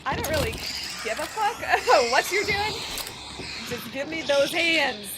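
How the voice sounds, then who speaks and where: A woman's voice: sits high, sing-song, unhurried, heavy background noise, pitched above the performer's own voice. A woman speaking as her demanding pet cat, bossy and entitled, wanting lap time and pets. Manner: bossy, entitled, matter-of-fact.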